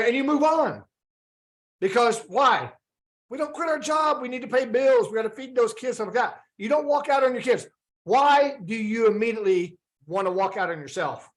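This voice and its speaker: Man, high voice, group coach, video call, casual talk, rhetorical questions. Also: animated, normal speed. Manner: acts out quoted inner thoughts. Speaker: fitness and wellness coach.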